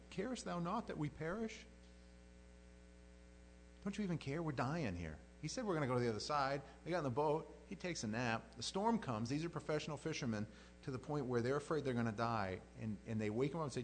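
A man preaching a sermon as pastor, conversational and animated, swinging between loud outbursts and quiet prayer. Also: medium pitch, a little hiss or hum.

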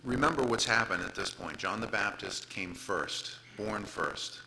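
In a rough recording, a pastor gives a conversational sermon, reading King James verses aloud and retelling Bible stories in casual, everyday words. His fairly low voice is gravelly, sharp and expressive, at a measured pace.

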